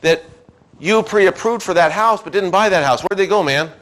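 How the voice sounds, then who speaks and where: A middle-aged man, leading a real estate sales seminar, brash and loud, firing questions at the audience and shouting for emphasis. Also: sits high. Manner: brash, rapid-fire, shouts for emphasis, asks the room questions. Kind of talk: live seminar talk to an audience.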